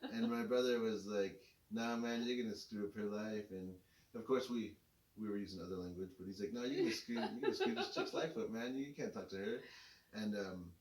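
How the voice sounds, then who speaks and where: A man's voice: fairly low pitch, a little fast, darkish tone, distant mic. Laid-back man, echoey room. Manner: laid-back, rambling with many fillers. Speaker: co-host telling his story. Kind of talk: casual storytelling. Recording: echoey room, voice a bit off-mic.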